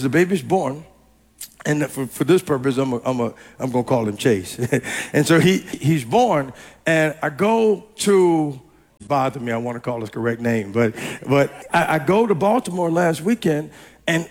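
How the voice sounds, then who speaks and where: A man preaching a storytelling sermon, animated and repetitive, often rising to a shout. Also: on the high side, a little slow.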